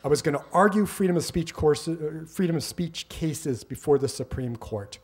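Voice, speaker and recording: A man's voice: on the high side, normal speed, breathy edge. A middle-aged man telling a personal story on stage, wry and self-mocking, getting heated as he retells old arguments.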